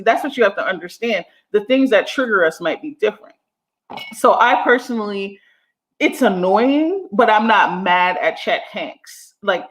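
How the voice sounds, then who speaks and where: A woman from Jamaica, hosting a casual livestream, talking frankly and animatedly, often laughing and swearing. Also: mid-range voice. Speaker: livestream host.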